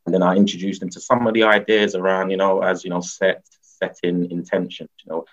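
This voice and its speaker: A man's voice: deep voice, little pitch movement, fairly quick. A man talking as a guest in a casual interview, rambling with many fillers and frequent laughs. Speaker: guest, mushroom educator. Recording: dull lo-fi sound.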